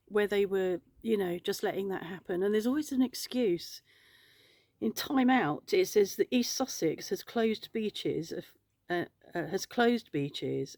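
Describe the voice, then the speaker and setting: A woman's voice: medium pitch, a little mellow, no room sound, studio quality. A woman vlogging from home, rambling and outspoken, swearing freely. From England. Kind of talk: casual chat to camera. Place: home in France.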